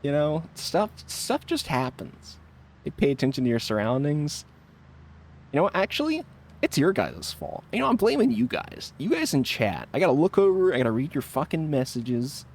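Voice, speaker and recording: A man's voice: a little high, sing-song, normal speed, creaky. A man giving casual live commentary while playing a game, joking and laughing often. He banters defensively with his chat. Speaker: streamer.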